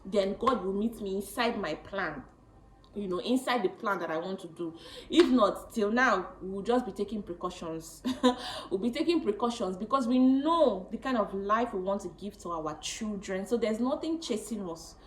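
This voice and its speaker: A woman in her late twenties telling a personal story to camera, chatty and animated, often laughing. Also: mid-range voice, normal speed, reverberant, a little hiss or hum, rough recording. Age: late 20s. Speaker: vlogger.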